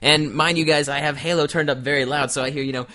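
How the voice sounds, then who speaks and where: A man vlogging about gaming, telling a story to his viewers in an animated, jokey way. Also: on the high side, quick pace. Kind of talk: casual storytelling to camera.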